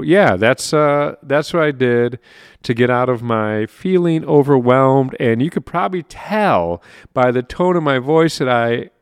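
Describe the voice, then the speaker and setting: A man hosting a solo motivational podcast, talking in an upbeat, animated way, laughing often and repeating himself. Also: medium pitch, dry recording, studio quality. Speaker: podcast host and life coach.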